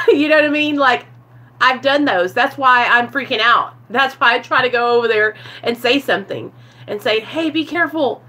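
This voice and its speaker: A woman vlogger, her voice on the high side, bright and forceful, talks at a normal pace in a casual live stream. She speaks confessionally and earnestly about recovery, calling her audience "you guys" and answering chat comments mid-talk. Slight background noise is audible.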